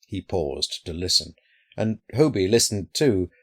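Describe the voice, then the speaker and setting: A man narrating a horror story in a measured, even way. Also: low-pitched. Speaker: story reader.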